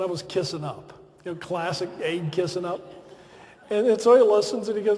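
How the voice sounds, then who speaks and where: A man's voice: sits high, fairly quick. A man giving a humorous, self-deprecating after-dinner speech at a podium in a large banquet hall. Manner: self-deprecating, lively storytelling.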